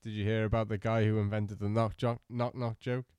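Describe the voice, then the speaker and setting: Low-voiced man telling jokes. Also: brisk, clear, resonant tone, no echo. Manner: deadpan delivery, laughs at own jokes. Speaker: podcast co-host. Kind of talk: reading out jokes.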